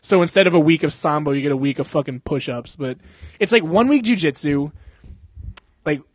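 A young man telling a long story in casual chat, animated and full of swearing and laughter. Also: fairly high pitch, a little fast, no room sound.

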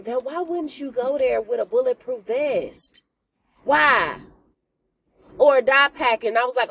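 A woman hosting a podcast, recapping a TV series in a casual, animated, slangy way, often speaking to listeners as y'all. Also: high-pitched, measured pace, slightly rough. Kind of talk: casual chat.

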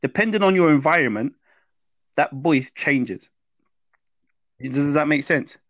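A man's voice: on the high side, lively intonation, a little slow, no echo, highs cut off. A man teaching about the inner voice in an interview, explaining patiently and often checking in with "yeah?". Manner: explanatory, checks in with "yeah?" and "does that make sense?". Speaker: mindset teacher.

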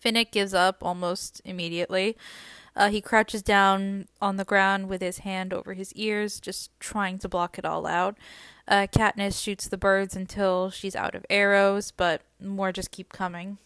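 Chatty woman with a smooth clear voice. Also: medium pitch, level tone, unhurried, fairly bright tone, dry recording, studio quality. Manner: chatty, many ums and uhs. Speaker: book podcast host. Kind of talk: casual book recap with read-aloud passages.

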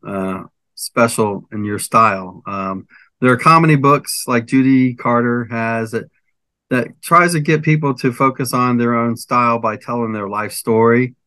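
A man's voice: mid-range voice, bright, forceful tone, dry recording. An older man, a comedian guest, chatting casually in an interview with a rambling, hesitant manner. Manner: rambling, hesitant, lists things with many fillers.

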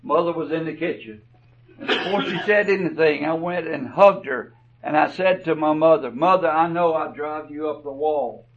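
A man's voice: a little high, normal speed, recorded from a distance, lo-fi sound, lightly acted. A man quoting a frustrated teenage girl. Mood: earnest. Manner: complaining, pleading. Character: frustrated teenage girl at odds with her mother.

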